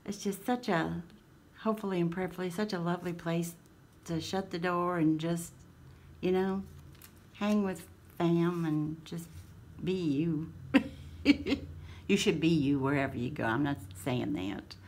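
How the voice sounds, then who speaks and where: A woman's voice: on the low side, a little slow, long pauses, darkish tone. A woman with a Southern American accent hosting a casual craft vlog, gushing and laughing often, full of folksy sayings. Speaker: craft channel host.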